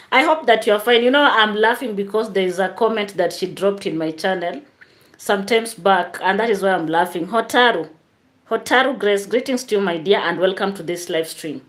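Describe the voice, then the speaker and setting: A woman hosts a live stream, reading out viewer comments and chatting straight to her viewers. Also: medium pitch.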